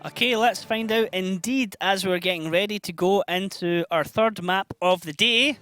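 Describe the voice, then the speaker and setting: A man with a Scottish accent casting a live esports match, upbeat and quick with the play-by-play. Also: high-pitched, sharp tone, clear, resonant tone, soft background music. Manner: brisk, upbeat play-by-play with laughs. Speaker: esports caster.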